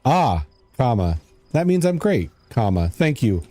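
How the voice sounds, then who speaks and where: A man's voice: medium pitch, very animated, measured pace, dark tone, faint music behind. A young man streaming a game, chatting casually, reading chat aloud and muttering as he plays. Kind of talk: casual gameplay commentary.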